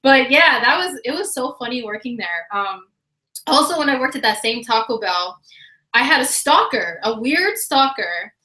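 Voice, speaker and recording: A woman telling a funny personal story in a casual, animated way, laughing often and using lots of fillers. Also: fairly high pitch, normal speed. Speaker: vlogger. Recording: roomy echo.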